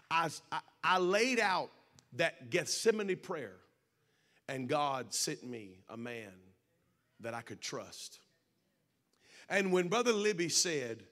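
A man's voice: fairly high pitch, lively intonation, moderate pace, fairly bright tone. A man preaching a sermon at a church service, telling a personal story and speaking straight to the congregation. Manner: earnest personal storytelling, addresses congregation directly.

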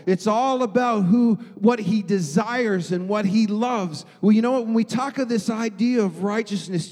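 Male pastor, higher voice, emphatic sermon delivery, reverberant hall. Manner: emphatic, swings from loud to hushed.

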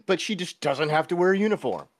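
A man's voice: on the high side, fast talker, no room sound. A man co-hosting a podcast, chatting casually and joking, sometimes putting on silly voices. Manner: animated, jokey, puts on silly voices. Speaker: podcast co-host. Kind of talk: casual comedic chat.

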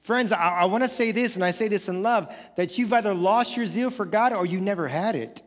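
A male pastor preaching a sermon, animated, acting out casual quoted voices and building up to excited shouts. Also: high-pitched, a little fast, in a large hall. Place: church sanctuary.

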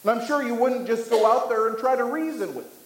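A man preaching a sermon, emphatic, with dramatic pauses and rising pitch on key points. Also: roomy sound, low-quality recording. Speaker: pastor. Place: church.

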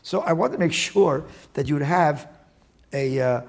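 A man interviewed as a guest, explaining his work in an animated, digressive way with many restarts. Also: fairly high pitch, a little slow. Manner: animated, digressive, with frequent restarts and Talmudic terms. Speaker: guest, attorney and index author. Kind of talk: casual interview talk.

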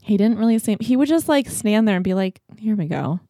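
A woman's voice: fairly high pitch, animated, fast talker, warm tone, dry recording. A woman co-hosts a casual podcast, telling bawdy stories in a playful voice. She laughs often. Her voice sounds dry and close. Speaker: podcast co-host. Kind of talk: casual chat.

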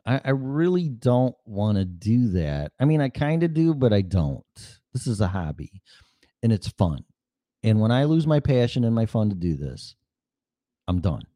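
A middle-aged man hosts a solo podcast, rambling casually and swearing freely. His voice sits low and dark, yet it swings widely up and down. The sound is dry and close on a studio mic. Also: no echo. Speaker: podcast host. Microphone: studio mic with mixer.

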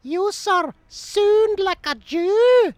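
Woman doing a shrill, prim old church lady. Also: expressive, drawn-out words, no room sound, full character voice.

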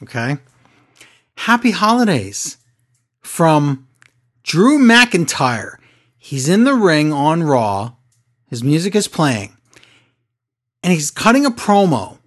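A man co-hosting a casual recap podcast, telling the story in an excitable, animated way. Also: slow pace, long pauses, husky. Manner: excitable, animated storytelling with sudden pitch jumps. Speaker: podcast co-host. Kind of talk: casual wrestling recap chat.

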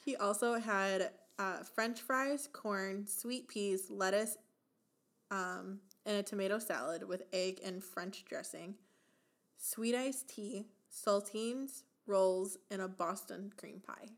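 A woman co-hosting a casual podcast, her voice sitting in an ordinary middle range. She reads items off a list in an even, chatty way and breaks into laughter often. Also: mid-range voice, slow pace. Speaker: podcast co-host.

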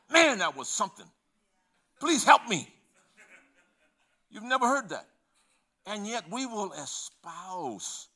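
Older preacher swinging from hush to shouting. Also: male voice. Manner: swings from hushed and low to loud and emphatic; acts out conversations in his stories. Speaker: pastor. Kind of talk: sermon.

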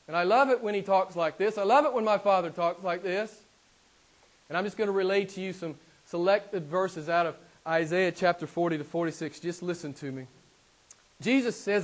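A middle-aged man preaching a sermon, swinging between loud emphatic declarations and hushed, quiet asides. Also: high voice, moderate pace. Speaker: pastor.

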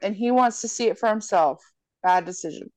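Casting: young woman, podcast co-host, lively storyteller who swears freely, dry close sound. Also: medium pitch, fairly quick, no echo. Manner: animated storyteller, swears freely, acts out lines. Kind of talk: casual chat, retelling a horror movie.

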